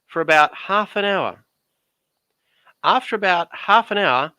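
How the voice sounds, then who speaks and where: Male guest, joking storyteller, sharp bright tone. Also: fairly high pitch, no echo. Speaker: guest on his wife's craft channel. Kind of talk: casual chat.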